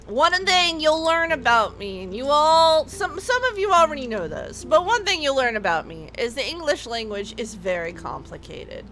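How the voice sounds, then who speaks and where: A woman's voice: sits high, big pitch swings, moderate pace, hardly any pauses, pushed and bright. A woman hosting a game stream, chatting and teasing her friends playfully and laughing often. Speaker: stream host. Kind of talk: casual chat. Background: background music.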